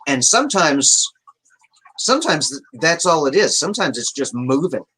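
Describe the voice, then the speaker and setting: A man's voice: fairly high pitch, very animated, normal speed, pushed and bright, husky, low-quality recording. A man hosting a casual livestream, rambling as he reads out chat messages and swears offhandedly. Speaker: livestream host.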